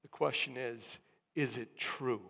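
A man's voice: mid-range voice, fairly even intonation, takes it slowly, creaky, pushed and bright, husky. A male pastor preaching a sermon, teaching steadily and building emphasis on key words. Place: church. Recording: long reverb of a church hall.

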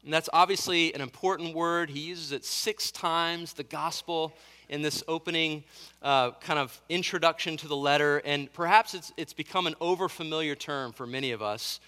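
A man's voice: on the high side, normal speed, sharp tone, smooth, in a large hall. A man preaching a sermon as pastor, earnest and emphatic, building on repeated phrases.

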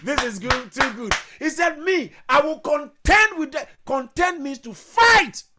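A man preaching a fervent sermon in a very high, bright voice. He shouts his lines, calls on listeners to repeat after him and breaks into tongues between phrases. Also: expressive, unhurried. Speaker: pastor.

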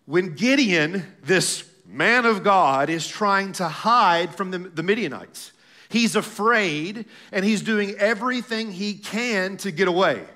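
A man preaching to his congregation in a high, bright voice. He draws out scripture readings slowly and turns emphatic as he calls out to his listeners. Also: lively intonation. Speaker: pastor. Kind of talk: sermon.

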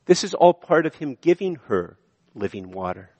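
A Canadian man preaching a sermon, moving between emphatic high points and quiet, slow passages. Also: lo-fi sound. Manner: animated preaching, shifting from emphatic to hushed. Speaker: pastor. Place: church sanctuary. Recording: long reverb of a large hall.

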